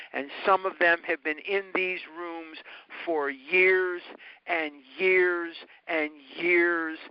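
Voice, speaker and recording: A man's voice: high-pitched, smooth, no room sound. Earnest man on a phone call. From north side of Chicago. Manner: earnest, repetitive, emphatic teaching. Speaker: recovery study leader. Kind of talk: talk to a recovery study group. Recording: dull, dry phone-call audio.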